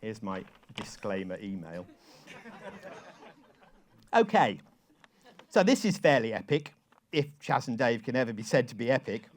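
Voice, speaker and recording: A man with a lively storytelling manner, telling an anecdote on stage to a live audience and leading a sing-along. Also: mid-range voice, measured pace, pauses often, a little hiss or hum. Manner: lively storyteller, quoting emails in voices. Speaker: songwriter giving a talk. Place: event hall with live audience.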